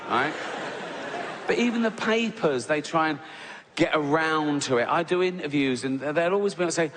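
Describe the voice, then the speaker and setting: A man's voice: fairly high pitch, animated, measured pace, long pauses. A man, performing a stand-up comedy set, telling a story and often tagging lines with "right?". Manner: storytelling with frequent "right?" tags and laughs. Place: large theatre on stage. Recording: live hall reverb with audience noise.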